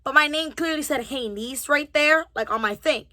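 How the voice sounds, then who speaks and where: Bright-voiced young woman telling a story. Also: high voice, moderate pace, dry recording. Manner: animated, acts out both sides of the dialogue with a rising temper. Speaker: vlogger. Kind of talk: story time retelling.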